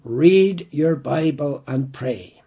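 A man's voice: fairly high pitch, expressive, slow pace, mellow, breathy edge, full character voice. A preacher voicing a patient, firm mother. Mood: gentle firm. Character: patient loving praying mother.

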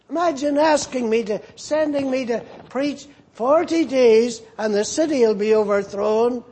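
A man's voice: sits high, a little mellow, husky. A man preaching a sermon and animatedly voicing the scripture figures as he retells the story.

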